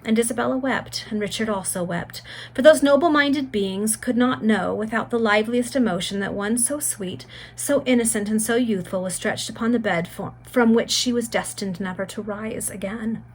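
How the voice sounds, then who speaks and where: Woman, amateur reader, old novel read aloud, steady, measured narration. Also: fairly high pitch, slight background noise, poor audio. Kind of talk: reading a Victorian novel aloud.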